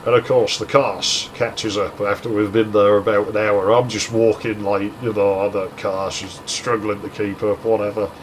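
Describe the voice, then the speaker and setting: A man's voice: fairly low pitch, little pitch movement, moderate pace, few pauses, a little hiss or hum, poor audio. A young man casually telling a crude story over gameplay, rambling and swearing freely. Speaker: gaming channel host.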